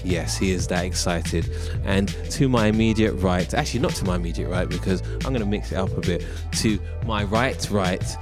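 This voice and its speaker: A man's voice: low voice, normal speed, few pauses. A man hosting a casual podcast, playful and jokey, often laughing. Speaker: podcast host. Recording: music playing behind.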